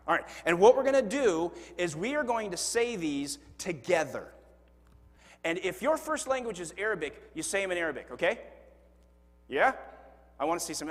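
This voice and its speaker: Lively high-voiced male pastor in an echoing hall. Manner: animated storytelling with acted-out quotes; self-deprecating humor. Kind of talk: sermon. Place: church sanctuary. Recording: long hall reverb. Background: congregation laughing.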